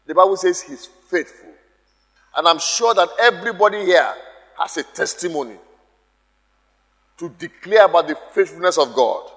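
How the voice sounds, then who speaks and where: A man's voice: sits high, animated, moderate pace, long pauses, fairly bright tone, in a large hall. A man preaching a sermon, emphatic, repeating key phrases and calling out to the congregation.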